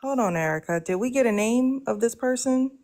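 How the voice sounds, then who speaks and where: A woman's voice: on the high side, animated, fairly quick, a little mellow. A woman co-host chatting on a livestream in a teasing way.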